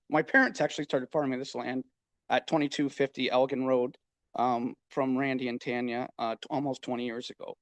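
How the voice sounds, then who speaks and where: Man, farmer speaking at council, halting and choked up, dry sound. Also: medium pitch, level tone, fairly bright tone, dry recording. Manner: halting, choked up, many fillers. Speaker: farmer applicant at council meeting. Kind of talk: public comment at a council meeting.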